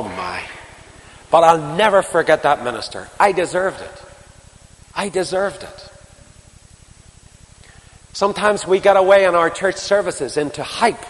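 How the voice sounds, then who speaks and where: An older man preaching a sermon, telling stories with quoted dialogue and shifting his emphasis up and down. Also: medium pitch. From Northern Ireland. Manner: storytelling with quoted dialogue, rising and falling emphasis. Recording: long reverb of a large hall.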